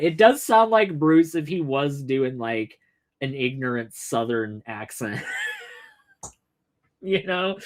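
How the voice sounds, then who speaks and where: A man's voice: high voice, measured pace, fairly bright tone. A man hosting a livestream, commenting in a casual, sarcastic and profane way, laughing often and putting on mocking voices. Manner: mocking put-on voices for imagined people. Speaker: livestream host.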